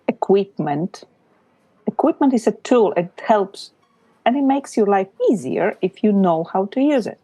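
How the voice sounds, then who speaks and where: Slow, dark-voiced woman podcast host. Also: medium pitch, breathy edge, no room sound, poor audio. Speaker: podcast co-host, business photographer. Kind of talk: casual podcast chat.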